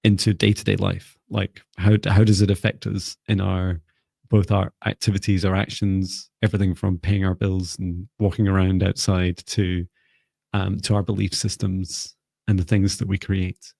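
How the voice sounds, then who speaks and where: A man co-hosting a live stream, giving gentle, meandering psychic readings with many fillers. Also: low voice, level tone, moderate pace, creaky, no room sound. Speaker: psychic reader, co-host.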